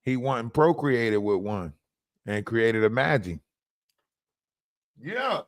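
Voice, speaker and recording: Slow, taunting livestream host. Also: male voice, mid-range voice, animated, no room sound, clean studio sound. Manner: taunting, repetitive, profane, keeps asking "huh?". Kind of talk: profane live-stream rant.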